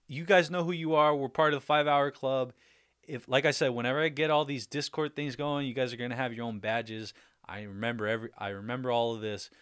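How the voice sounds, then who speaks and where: Man, livestream host, casual chat, laughs a lot, smooth clear voice, dry sound. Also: a little high, a bit bright, no echo. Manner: laughs often, easygoing and upbeat; loose phrasing with many fillers and restarts.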